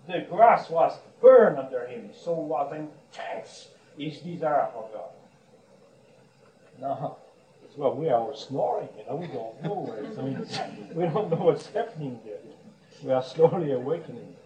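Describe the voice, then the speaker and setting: A man with a somewhat high voice preaches as a monk, telling anecdotes and breaking into chuckles. He sounds set back from the microphone in an echoey room, with a faint hum behind him. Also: darkish tone, dull audio. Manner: storytelling with frequent chuckles and restarts. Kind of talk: sermon. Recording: roomy echo, distant mic, faint background hum.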